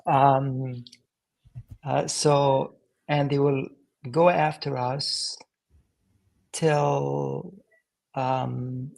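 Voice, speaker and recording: A man in a live study group, reading aloud and translating on the fly in a halting way. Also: medium pitch, level tone, vocal fry, darkish tone, poor audio. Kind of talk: live Bible-reading discussion.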